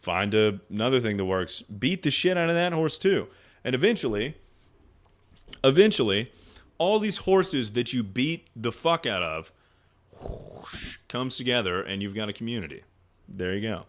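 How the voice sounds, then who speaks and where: A man's voice: mid-range voice, expressive, moderate pace. Joking, swearing young male streamer. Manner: joking, swearing, rambling with repeated words. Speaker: streamer giving advice to chat. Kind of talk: casual livestream chat.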